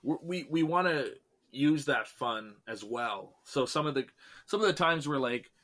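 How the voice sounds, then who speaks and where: A man from Canada, a filmmaker guest on a podcast, talking casually and relaxed, laughing often between remarks. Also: medium pitch, a little slow.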